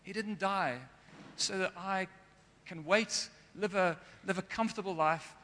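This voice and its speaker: A man's voice: high-pitched, unhurried, pushed and bright. A man preaching a sermon in an earnest way, sometimes getting emotional. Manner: earnest, gets emotional at times. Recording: long hall reverb.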